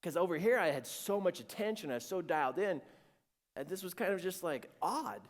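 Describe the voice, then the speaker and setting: A man's voice: a little high, expressive, moderate pace. Man telling an earnest story in a reverberant hall. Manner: earnest, dramatic, with quoted inner dialogue. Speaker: speaker sharing a personal story. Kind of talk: personal testimony storytelling.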